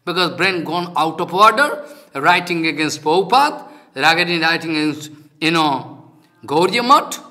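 A man's voice: a little high, expressive, normal speed, bright, forceful tone. An older man, a spiritual teacher whose first language is Bengali, giving a devotional lecture in an emphatic, repetitive manner with non-native phrasing.

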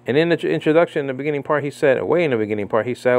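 A man giving casual spoken commentary on a religious debate, animated and mocking, with many fillers and repeated phrases. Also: medium pitch, quick pace. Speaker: Bible commentator. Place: living in the Philippines.

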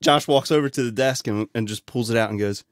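A man's voice: medium pitch, brisk, no room sound, clean studio sound. Laid-back swearing podcast co-host man. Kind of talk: casual chat.

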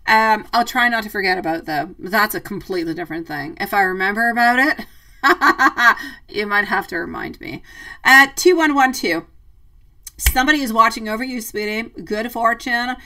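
A woman running a live tarot reading with a bright, forceful tone. She is chatty and affectionate, calls her listeners sweetie, and sounds a little distant from the mic. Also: a little high, normal speed. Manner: playful, breaks into laughter. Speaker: tarot reader.

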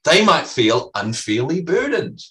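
A man's voice: on the high side, sing-song, measured pace, bright, forceful tone, far from the mic, rough recording. A man preaching a sermon as pastor, teaching earnestly and emphatically, repeating key phrases.

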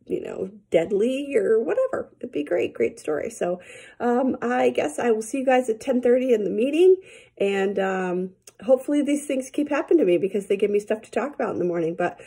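A woman's voice: fairly high pitch, lively intonation, brisk, gravelly, warm tone, slightly rough. A woman teacher telling her students a rambling story in a casual, chatty morning message, with lots of fillers.

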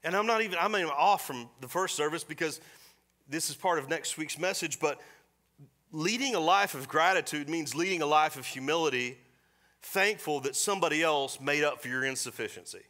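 A middle-aged man preaching a sermon in a church, folksy and storytelling, slipping into quick voiced asides. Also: on the high side, bright, forceful tone. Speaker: pastor. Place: church sanctuary.

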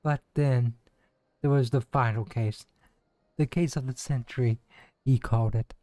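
A man's voice: mid-range voice, fairly even intonation, unhurried, warm tone, dry recording, close to an everyday voice. A man voicing an earnest, theatrical young woman detective's sidekick, reading game cutscene dialogue aloud with some stumbles.

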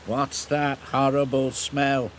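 A man voicing a sly, sneering male diesel engine in a children's cartoon, with a slow, oily drawl. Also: medium pitch, fairly bright tone, slight background noise, pitched above the performer's own voice.

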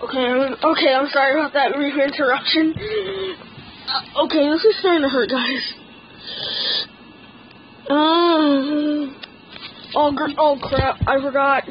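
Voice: high-pitched, steady tone, measured pace, long pauses, highs cut off, slight background noise. A teenage gaming channel host giving casual gameplay commentary, stammering and complaining that something hurts.

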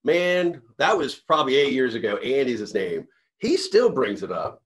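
A man's voice: medium pitch, big pitch swings, a little fast, a bit bright. A man, a company CEO, giving a motivational talk to sales reps in an earnest, rambling storytelling way with many restarts.

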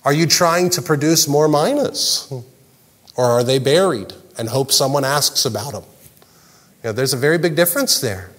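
A man's voice: fairly high pitch, animated, normal speed, a bit bright, in a large hall. A male pastor preaching a sermon in an earnest way, often repeating words as he presses a point.

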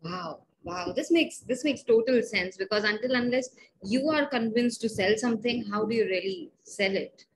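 A woman's voice: on the high side, moderate pace, few pauses, poor audio. A woman hosting a podcast, talking in a thoughtful, hesitant way with frequent restarts. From India. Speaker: podcast host. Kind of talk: conversational interview.

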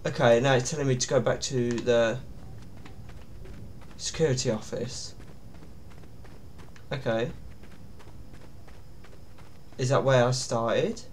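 A man's voice: mid-range voice, fairly even intonation, takes it slowly, long pauses, a little hiss or hum. A man giving nervous, jumpy commentary on a horror game, with sudden startled yelps. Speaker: gaming YouTuber.

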